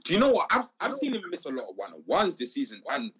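Man, slightly high voice, lively pitch, slangy, exasperated football talk. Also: quick pace, a crowd in the background. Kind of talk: casual football banter.

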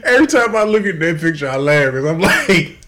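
A man's voice: fairly high pitch, moderate pace, a bit bright. A man co-hosting a podcast in casual chat, telling stories animatedly, swearing freely and laughing often. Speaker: podcast co-host.

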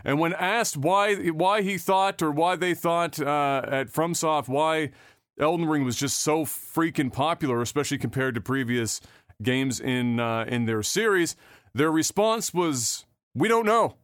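A man's voice: fairly high pitch, measured pace, fairly bright tone, no room sound, clean studio sound. A man hosting a casual gaming news podcast, sarcastic and offhand, swearing freely, with many fillers and restarts. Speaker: podcast host.

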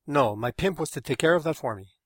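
A man voicing a frustrated, underpaid Mexican male software contractor who talks with loud indignation. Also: a little high, lively intonation, brisk, no room sound, studio quality, voice pushed up. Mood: indignant. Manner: indignant, emphatic.

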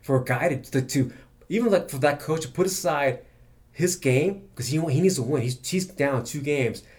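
A man's voice: fairly high pitch, normal speed, darkish tone. A man hosting a podcast, rambling and swearing as he tells a story in casual chat. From Los Angeles. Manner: rambling, profane, restarts often. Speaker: podcast host.

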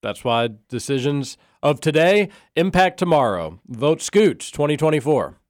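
Lively man hosting sports radio. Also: a little high, a little slow, no room sound, studio quality. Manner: joking, reads listener texts aloud. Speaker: radio show host. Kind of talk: casual sports radio chat.

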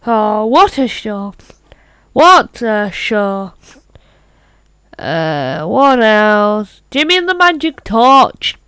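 A woman's voice: fairly high pitch, very animated, very slow, a bit bright, clear, resonant tone, dry recording. A British woman vlogging in casual chat, reading an article aloud with chatty asides and stumbles. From Britain.

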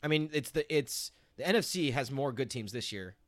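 A man's voice: mid-range voice, animated, brisk, no room sound. A man hosting a casual sports podcast, running through the week's picks. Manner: runs the segments, keeps the show moving. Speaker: podcast host.

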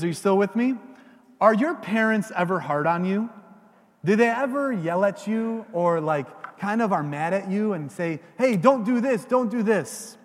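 Male preacher, high voice, very lively pitch, addressing kids and parents, reverberant church. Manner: animated, questions the congregation directly. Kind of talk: homily for children and parents.

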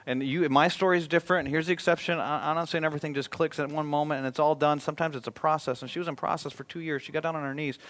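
A male pastor preaching a sermon, swinging from loud emphatic appeals to a hushed, prayerful tone. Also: fairly high pitch.

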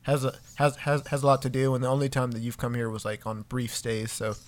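A man's voice: mid-range voice, completely flat delivery, a little fast. A man chatting casually with a friend, laid-back and full of slang. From lives in Washington, D.C. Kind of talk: casual chat.

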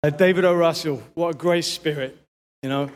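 British man's halting speech in a hall. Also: a little high, fairly even intonation. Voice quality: halting, full of "uh" fillers. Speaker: award winner. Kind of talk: acceptance speech. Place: large awards hall. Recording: reverberant hall with crowd.

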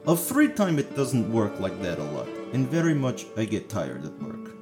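A man's voice: lowish voice, huge pitch swings, normal speed, music in the background. A man voicing a seductive female spam email writer with a put-on Russian accent, reading broken English in a hammy way. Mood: mock-seductive.

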